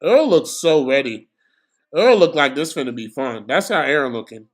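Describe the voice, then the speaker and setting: A young man giving casual, slangy live commentary on a boxing match for his stream, excitable and prone to bursts of shouting. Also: on the high side, moderate pace.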